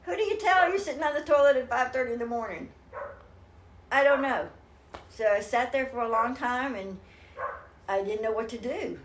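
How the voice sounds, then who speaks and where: A woman's voice: fairly high pitch, moderate pace, background noise. An older woman speaking as an interview guest, telling a personal story in an earnest, rambling way with many restarts. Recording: roomy echo.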